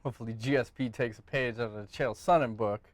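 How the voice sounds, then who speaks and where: A man co-hosting a podcast, talking fights in casual, profane, animated chat. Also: medium pitch, fast, a little hiss or hum. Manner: profane, animated, breaks into joking bits. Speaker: podcast co-host.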